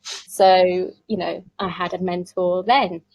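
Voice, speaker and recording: A woman's voice: fairly low pitch, steady tone, takes it slowly, gravelly, a little mellow, poor audio. A woman, a tarot reader chatting as an interview guest and telling stories with frequent laughs. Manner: chatty storyteller who laughs often. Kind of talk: casual conversational interview.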